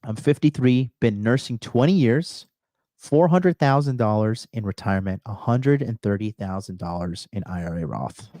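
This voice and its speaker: A man's voice: on the low side, normal speed, dark tone, dry recording, studio quality. Blunt, profane man giving live advice. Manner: profane, emphatic, repeats lines for punch. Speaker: dating coach streaming live. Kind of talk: livestream monologue reading chat.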